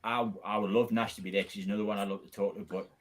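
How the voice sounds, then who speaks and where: A man's voice: on the low side, fairly even intonation, very fast. A man in a casual podcast chat, thinking aloud hesitantly.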